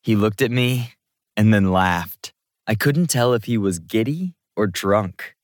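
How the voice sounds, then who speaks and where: Brief: male narrator, low voice, close and dry, steady first-person romance reading. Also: measured pace, no room sound. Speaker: audiobook narrator.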